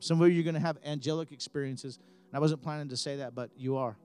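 High-voiced male preacher, fervent. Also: steady tone, fast talker, darkish tone, clear, resonant tone, faint music behind. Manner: impassioned, rising to fervent high-pitched preaching. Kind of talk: sermon with prayer.

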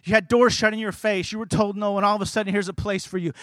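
A man preaching a sermon as pastor, emphatic and building to loud, forceful passages. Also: high voice, fairly even intonation, quick pace, no room sound.

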